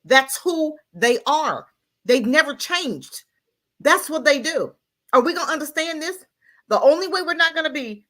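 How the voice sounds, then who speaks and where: A woman's voice: high voice, bright, forceful tone. A woman co-hosting a talk radio show, speaking with impassioned emphasis and firing off rhetorical questions. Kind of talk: heated opinion talk.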